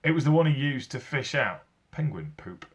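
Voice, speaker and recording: Brief: male teacher reading a chapter book to kids, lively and expressive, mid pitch. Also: moderate pace, breathy edge. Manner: animated, with sound effects. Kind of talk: children's story read-aloud.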